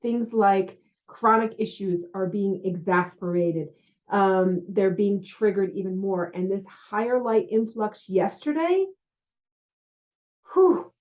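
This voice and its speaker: A woman's voice: medium pitch, darkish tone, lo-fi sound. A woman who works as a spiritual healer gives a casual talk to her viewers. She is chatty and often says "you know" and "right?". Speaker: spiritual healer and intuitive guide.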